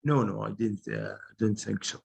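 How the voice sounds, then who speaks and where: A man whose first language is Arabic, a student in an English lesson, speaking haltingly with many fillers. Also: lowish voice, steady tone, vocal fry, slightly rough.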